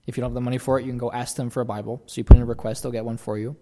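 A man's voice: medium pitch, level tone, rapid-fire, warm tone. A young man preaching a sermon in an earnest, conversational way, acting out the voices he quotes.

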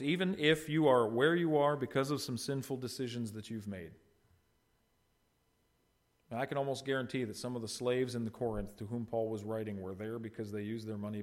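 A middle-aged man preaching a sermon, addressing the congregation with rhetorical questions and short retold dialogue. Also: on the low side. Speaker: pastor.

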